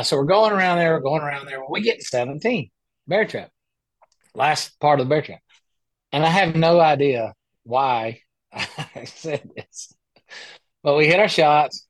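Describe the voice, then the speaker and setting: A man who plays golf for a living, telling an animated, rambling story in a casual podcast interview on a close mic. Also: mid-range voice, no echo. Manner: animated, rambling anecdote with many restarts. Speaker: guest, professional golfer.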